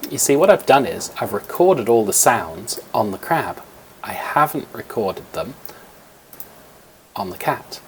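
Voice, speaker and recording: A man's voice: mid-range voice, creaky, slight background noise. A man teaching young children a coding lesson over a screen recording, explaining step by step in a patient way, with fillers, into a computer microphone.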